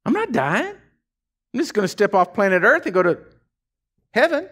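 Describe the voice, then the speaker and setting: A pastor preaching a sermon, telling folksy stories in a casual drawl and swinging from hushed asides to fired-up shouts. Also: male voice, high-pitched, very animated, moderate pace.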